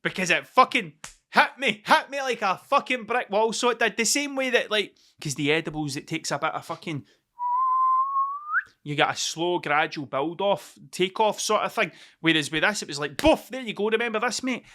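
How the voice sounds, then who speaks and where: Scottish podcast host, thirties, high forceful voice, sweary rambling solo storyteller. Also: male voice, expressive, moderate pace. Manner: rambling, heavy swearing, repeats himself. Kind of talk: casual solo storytelling monologue.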